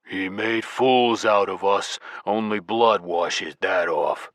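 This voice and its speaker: A man's voice: lowish voice, takes it slowly, fairly bright tone, dry recording, studio quality. A man voicing a hulking, angry male giant colonel who growls threats in an audiobook.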